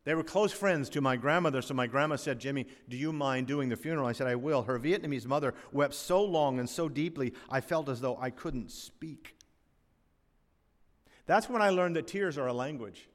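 An older man preaching a sermon as pastor, rising loud on key phrases and falling to a hush, with folksy humorous asides. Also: fairly high pitch, animated, normal speed. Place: church sanctuary. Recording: long reverb of a large hall.

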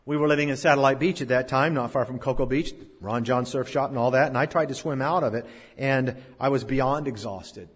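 A middle-aged male pastor preaching a sermon, swinging between loud emphasis and hushed drops. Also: mid-range voice, brisk, husky. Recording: long hall reverb.

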